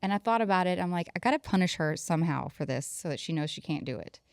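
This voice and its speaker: A woman's voice: lowish voice, fast, creaky, no echo, clean studio sound. Woman animatedly telling a family story. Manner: animated storytelling, acting out her kids' lines. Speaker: podcast co-host. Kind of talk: casual chat.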